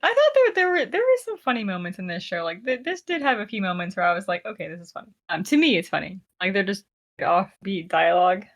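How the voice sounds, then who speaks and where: A woman co-hosting a podcast in a loose, casual chat. She is animated and giggly, often acting out quoted exchanges in playful voices. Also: mid-range voice, fast talker. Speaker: podcast co-host. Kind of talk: casual chat reviewing a show.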